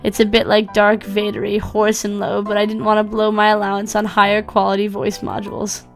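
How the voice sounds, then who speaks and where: A woman's voice: mid-range voice, completely flat delivery, brisk, soft background music. A woman hosting a gameplay video, chatting casually with fillers and reading a story aloud. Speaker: game video host.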